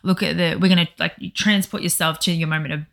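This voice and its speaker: A woman co-hosting a podcast, chatting casually and reflectively, animated, swearing freely and laughing often. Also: on the low side, fast talker, creaky. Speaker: podcast co-host.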